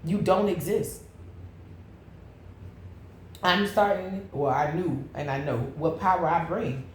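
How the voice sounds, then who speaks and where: Speaking slowly in a fairly low voice, a woman gives a casual tarot reading that's blunt and full of swearing, now and then slipping into sing-song asides. The room is echoey, with faint background noise.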